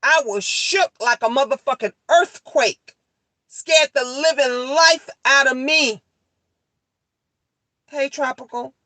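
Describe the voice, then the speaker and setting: A woman's voice: high-pitched, takes it slowly, long pauses, pushed and bright, no room sound. A middle-aged woman livestreaming to her viewers in a casual chat, heated and profane, repeating herself for emphasis and answering comments as she goes.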